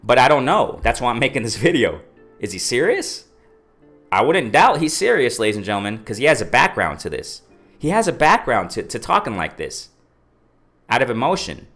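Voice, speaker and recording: A man's voice: mid-range voice, big pitch swings, moderate pace, a bit bright, soft background music. A man talking casually about boxing on his own channel, rambling and repeating himself, with slang fillers. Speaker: boxing commentary vlogger. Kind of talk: casual opinion vlog.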